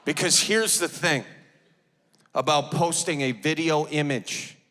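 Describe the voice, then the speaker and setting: A man in his thirties with a Wisconsin accent, doing animated stand-up storytelling on a large theater stage. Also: fairly high pitch, unhurried. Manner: animated, shouting punchlines. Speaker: stand-up comedian. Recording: live theater, long reverb, crowd.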